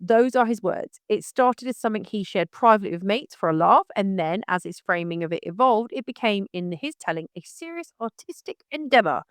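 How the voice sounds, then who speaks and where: A woman's voice: mid-range voice, lively intonation, brisk, hardly any pauses, dry recording. Outspoken woman, dry close sound. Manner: outspoken, emphatic, direct. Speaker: podcast host. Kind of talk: opinionated commentary.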